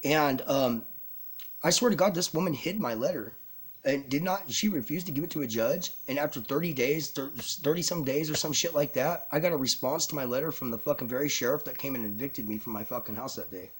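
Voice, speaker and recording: A man's voice: medium pitch, brisk, breathy edge. A man telling a personal story on camera in an agitated, rambling way, swearing a lot and restarting his sentences. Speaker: vlogger.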